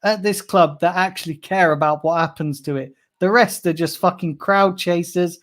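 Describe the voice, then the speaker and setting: High-pitched and a bit bright, this man's voice moves at a moderate pace as he hosts a fan livestream. He works through chat messages in an angry, repetitive tirade laced with heavy swearing.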